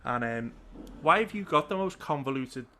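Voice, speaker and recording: A man's voice: mid-range voice, expressive, moderate pace, bright, forceful tone, slight background noise. Guy hosting a chat over a video call, tells stories, laughs a lot. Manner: chatty storyteller, laughs often. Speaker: podcast host. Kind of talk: casual chat.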